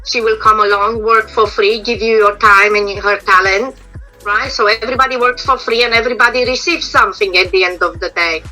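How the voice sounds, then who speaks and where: A woman's voice: medium pitch, fairly even intonation, brisk, bright, forceful tone, faint music behind, rough recording. A middle-aged woman, a makeup and prosthetic artist, giving frank, explanatory advice in an interview over a video call, her voice a bit strained as she is losing it. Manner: explanatory, frank, restarts phrases. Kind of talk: casual interview answers.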